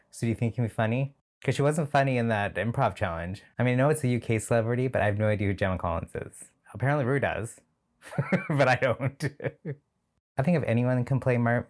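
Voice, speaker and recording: A man hosting a reaction video, talking casually and sardonically and laughing often. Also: mid-range voice.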